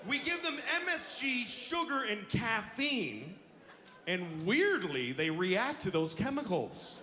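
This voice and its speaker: A man's voice: sits high, very animated, slow, sharp tone, a little hiss or hum. A middle-aged man doing a stand-up routine on a club stage, ranting bluntly and profanely with exasperation, on a handheld mic. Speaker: stand-up comedian. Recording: roomy live club with audience laughter.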